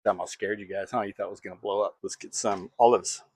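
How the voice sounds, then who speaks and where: A man's voice: on the low side, fairly even intonation, fast, very noisy. A man hosting a casual home cooking vlog, talking to himself in a playful, jokey way while he cooks in his kitchen.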